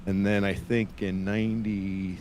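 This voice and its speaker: A man's voice: on the low side, little pitch movement, normal speed, a little mellow, a little hiss or hum. A man in his forties co-hosting a livestream, reminiscing in a laid-back way with dry humor. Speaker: stream co-host. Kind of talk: casual chat.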